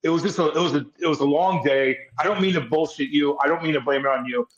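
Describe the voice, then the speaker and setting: A man's voice: a little high, fast. A man co-hosting a podcast, talking bluntly and irritably with lots of swearing, from a hotel room. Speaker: podcast co-host. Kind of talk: casual podcast chat. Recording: roomy, dull lo-fi sound.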